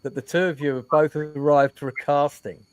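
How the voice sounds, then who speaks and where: A man's voice: a little high, fairly even intonation, moderate pace, clean tone, dry recording. A man hosting a casual interview over a video call, chatty and repeating words as he gathers his thoughts. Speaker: interview host.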